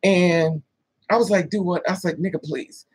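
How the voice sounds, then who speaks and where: A man's voice: high-pitched, moderate pace, slightly rough, no room sound, low-quality recording. A man telling a personal story in a casual vlog, bluntly and with swearing, acting out what others said. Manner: lively storyteller, blunt and profane, acts out the other voices.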